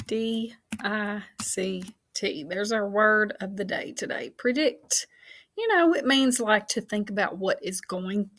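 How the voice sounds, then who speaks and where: A woman teacher giving a recorded phonics lesson for children, patient and encouraging, spelling and counting out slowly and laughing off her own slips. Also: medium pitch.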